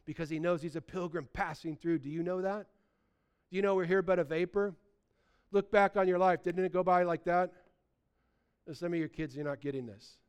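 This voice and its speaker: A man, preaching a sermon, animated, swinging between loud bursts and quiet asides. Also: high voice, moderate pace, clear, resonant tone, highs cut off. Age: 60s. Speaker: pastor.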